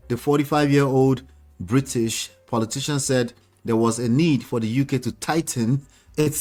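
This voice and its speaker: Man, news presenter, reading a report, mid-pitched, faint music behind. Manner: reads quotes aloud, laughs at his own attempt at a British accent.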